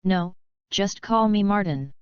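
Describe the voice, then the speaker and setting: A woman's voice: medium pitch, animated, measured pace, darkish tone, smooth, dry recording, close to an everyday voice. A woman voicing a bewildered adult man asking stiff, incredulous questions. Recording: dull lo-fi recording.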